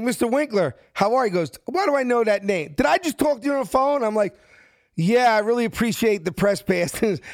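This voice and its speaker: A middle-aged man with a Philadelphia accent tells a story and acts out the other voices as he goes. His voice sits somewhat high and sounds close and dry. He moves quickly between quotes. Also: dry recording. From South Philadelphia. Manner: acts out quotes with shifting pitch, lively and fast. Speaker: guest telling his life story. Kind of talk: animated storytelling.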